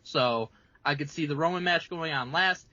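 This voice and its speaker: Bright-voiced man, measured podcast co-host. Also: fairly high pitch, no room sound. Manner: measured, hedging. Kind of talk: casual sports chat. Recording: dull lo-fi sound.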